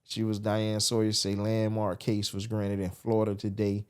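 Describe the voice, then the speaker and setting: A man's voice: fairly low pitch, completely flat delivery, moderate pace, clean tone. A man, telling his story as a podcast guest and acting out the voices he quotes. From Miami, USA. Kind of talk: storytelling interview.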